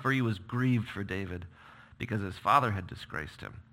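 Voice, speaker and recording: Bright-voiced, dramatic male preacher. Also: mid-range voice. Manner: emphatic, dramatic scripture reading. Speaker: pastor. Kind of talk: sermon.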